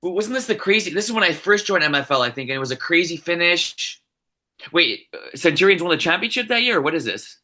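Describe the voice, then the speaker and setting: Bright-voiced man, excitable sports chat. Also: on the high side, fast talker. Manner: excitable, tags sentences with "eh". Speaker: co-host. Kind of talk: casual sports league chat.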